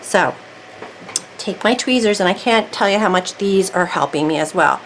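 A woman's voice: lowish voice, expressive, moderate pace, rough recording. Woman, casual craft tutorial, rambling self-talk while working, faint background noise. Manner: chatty, self-talking while working, thinks aloud. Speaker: craft video creator.

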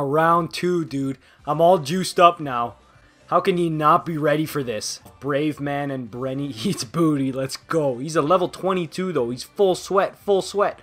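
Young guy hyped up commenting his hockey game, mutters then yells, trash talk, kinda high voice. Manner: excitable, trash-talking, swings between muttering and yelling. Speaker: gaming video host. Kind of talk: live gameplay commentary.

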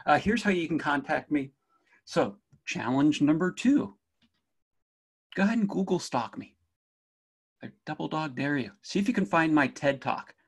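Speaking straight to the audience, a middle-aged New Jersey man with a faint local accent delivers a humorous cybersecurity conference talk. His voice is fairly high-pitched and a little rough.

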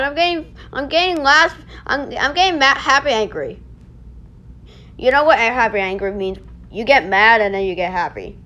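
A woman hosting a casual gameplay video, excitable, yelling and laughing as she plays. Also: sits high, normal speed. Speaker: gaming video host.

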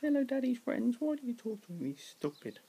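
A cheeky young female pet dog with a high, soft, sassy voice and a gravelly edge, as a man puts her on. She talks back in lively, bouncing tones. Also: brisk, full character voice.

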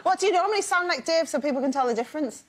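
A woman's voice: high-pitched, animated, rapid-fire. A woman hosting a live TV chat show, bubbly and giggly and laughing often, in a studio with an audience.

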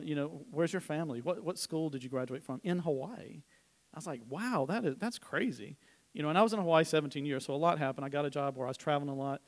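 A middle-aged man giving a conversational sermon at church, telling personal stories with informal restarts and asides. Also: on the high side. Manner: informal storytelling, frequent restarts. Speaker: church speaker.

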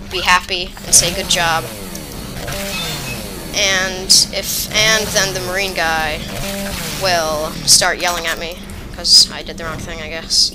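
A woman giving chatty, excitable, rambling commentary while playing a video game. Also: lowish voice, low-quality recording. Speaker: let's play gamer. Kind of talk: casual gameplay commentary.

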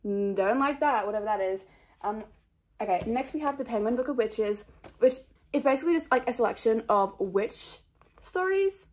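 A young woman book vlogger, her voice on the high side with lively intonation and a moderate pace, chats casually about her book picks. She's rambling, scattered, and self-mocking, with plenty of fillers.

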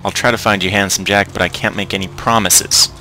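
A man's voice: low-pitched, steady tone, brisk, pushed and bright, a little hiss or hum. A young man casually commentating a video game, joking and talking to the enemies on screen. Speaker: gameplay commentator. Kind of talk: casual let's-play commentary. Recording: game music playing behind. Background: game music.

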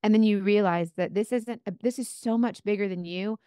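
A woman guest telling a faith-filled personal story in an earnest, animated way, often saying "like". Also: medium pitch, a little fast, clear, resonant tone, no echo, clean studio sound. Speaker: guest, makeup seller.

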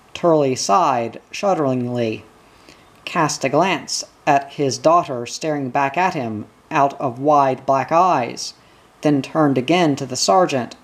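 A husky reader narrates a short story. The pace is slow and deliberate, and tense moments are drawn out with repetition. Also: medium pitch. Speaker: audiobook reader.

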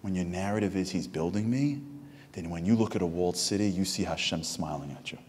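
A man with a very low voice delivers a sermon in a synagogue. His words ring with a long hall reverb, and a faint rumble sits underneath. He tells stories and builds to loud, animated peaks. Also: quick pace. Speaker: speaker at a Tisha B'Av program. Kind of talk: inspirational sermon.

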